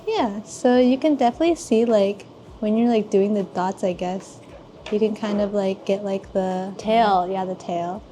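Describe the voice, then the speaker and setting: A woman's voice: mid-range voice, moderate pace, dark tone, a little hiss or hum. A woman helping with a handwriting demo, talking casually and hesitantly with many fillers and repeated words. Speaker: guest helper. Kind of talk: casual demonstration.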